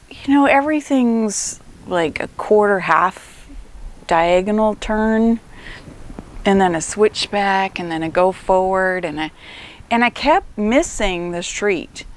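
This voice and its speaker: A middle-aged woman telling a personal travel story in a relaxed, reflective, conversational way, with light laughs and fillers. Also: mid-range voice. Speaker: travel retreat host.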